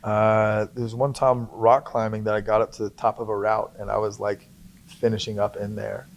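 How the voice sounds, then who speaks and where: A man's voice: on the low side, level tone, moderate pace, creaky, dull audio, faint music behind. A young man chatting as a guest on a podcast, jokey and playful, laughing often. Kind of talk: casual podcast chat.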